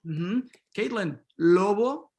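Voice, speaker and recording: A man's voice: high voice, lively intonation, a little mellow. Patient man drilling pronunciation on a call. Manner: repeats words slowly, affirms with uh-huh. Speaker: workshop instructor. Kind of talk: online pronunciation drill with students. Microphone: video call.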